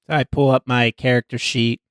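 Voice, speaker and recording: A man playing a tabletop game, reading his character sheet in animated casual talk. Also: medium pitch, brisk, clear, resonant tone, dry recording, clean studio sound. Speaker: player.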